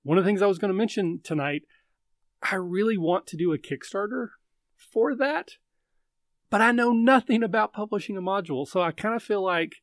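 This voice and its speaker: A man hosting a live chat show, his voice sitting a bit higher than most men's. He rambles and thinks aloud, circling his point with many fillers. The sound is close and dry, with no room around it. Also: a little fast, no echo. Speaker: livestream host. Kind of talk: casual chat.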